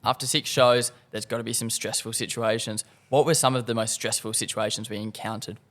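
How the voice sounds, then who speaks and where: A teenage boy with an Australian accent hosting a student podcast, asking quick, jokey questions. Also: fairly low pitch, level tone, fairly bright tone. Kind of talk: casual podcast interview.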